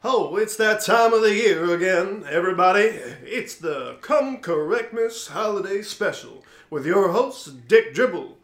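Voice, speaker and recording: A man co-hosting a comedy podcast, brash and rambling, tossing out profanity. His voice is high and bright, and the recording has a roomy echo. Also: lively intonation, a little slow, few pauses, faint music behind. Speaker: podcast co-host. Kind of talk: comedic holiday banter.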